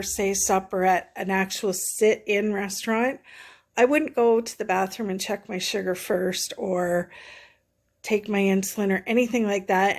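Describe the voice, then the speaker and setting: A middle-aged woman talking in a casual, rambling vlog review, short of breath and full of fillers and restarts. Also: medium pitch. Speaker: vlogger reviewing a product.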